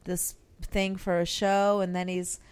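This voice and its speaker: Lower-voiced woman, crude jokey rambling, casual podcast chat. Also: level tone, a little slow, smooth. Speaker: podcast co-host.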